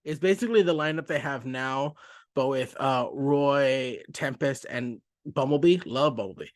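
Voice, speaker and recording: A man's voice: medium pitch, normal speed, no room sound, studio quality. A man hosting a casual comic book review, talking in a chatty, self-interrupting way and laughing easily. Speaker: comic book podcast host.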